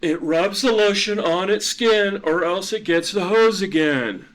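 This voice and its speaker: A man's voice: sits high, unhurried, fairly bright tone, pitched above the performer's own voice. A man voicing a creepy male captor who speaks in a cold, chanting, menacing way.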